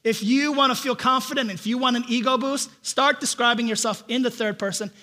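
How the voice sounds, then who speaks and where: A man preaching a sermon, telling a family story with lively, animated delivery and frequent repeated starts. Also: very high-pitched, fairly quick. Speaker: pastor.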